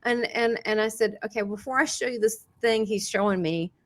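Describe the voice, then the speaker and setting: Animated woman telling a psychic story. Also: on the high side, fairly quick. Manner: animated, acts out quoted dialogue, laughs often. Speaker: psychic medium and show host. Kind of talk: storytelling in an interview.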